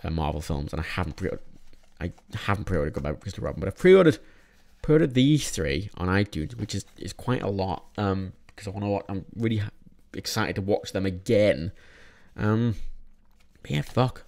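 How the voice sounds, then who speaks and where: A man's voice: low voice, animated, moderate pace, creaky, a little mellow. A young man casually reviewing films in a vlog, rambling with many restarts and frequent swearing. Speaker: film reviewer.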